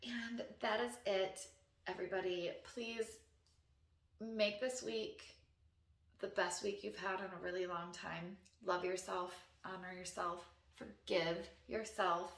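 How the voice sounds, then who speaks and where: A woman's voice: on the low side, fairly even intonation, unhurried, creaky, fairly bright tone, reverberant, far from the mic. A woman wellness coach, talking unscripted and earnestly to camera, encouraging and sometimes emotional. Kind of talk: unscripted heartfelt talk to camera.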